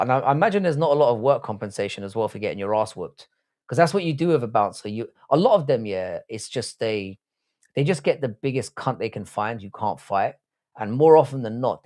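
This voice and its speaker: A man's voice: medium pitch, animated, a little fast, darkish tone. A man in his thirties with a South London accent, chatting bluntly and profanely to his live chat while watching fights. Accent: South London English. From England. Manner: profane, blunt, banter reading chat aloud. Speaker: livestream host.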